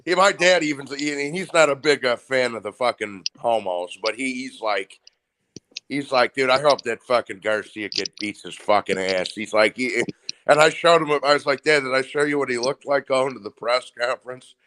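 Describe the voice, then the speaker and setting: A man's voice: medium pitch, normal speed. A man hosting a casual boxing chat stream, rambling and swearing with lots of energy. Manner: profane, rambling, animated. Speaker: stream host.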